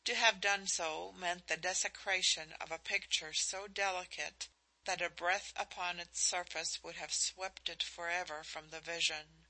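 A woman narrating a novel as an audiobook, in a measured, expressive reading. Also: lowish voice, low-quality recording.

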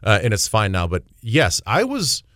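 A young man speaking as a podcast guest, expressive and loose in casual conversation. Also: fairly low pitch, normal speed, dry recording. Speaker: guest, sports broadcaster. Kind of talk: casual chat.

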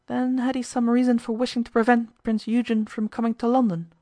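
A woman's voice: fairly high pitch, little pitch movement, fairly quick, warm tone, voice pushed up, lightly acted. A woman reading as a bold young American woman interrogator. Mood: pressing. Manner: cool, pressing, commanding.

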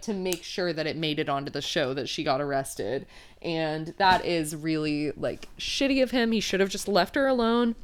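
A woman's voice: lowish voice, smooth. A woman hosting a podcast, recapping a reality show in chatty, opinionated talk full of "like". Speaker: podcast host.

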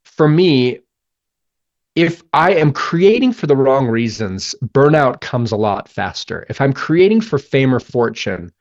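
Earnest man telling a story, dull recording. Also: medium pitch. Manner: earnest, reflective storytelling with frequent restarts. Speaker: guest musician. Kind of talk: podcast interview.

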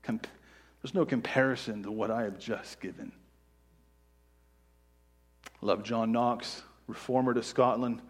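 A man's voice: medium pitch, fairly even intonation, a little slow, pauses often. Earnest male pastor preaching a sermon. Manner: earnest, emphatic preaching with swelling intensity. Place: church sanctuary.

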